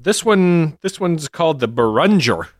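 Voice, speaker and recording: A man's voice: on the high side, sing-song, a little slow, no room sound. A man co-hosting a casual podcast, reading sighting reports with dry joking asides. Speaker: podcast co-host.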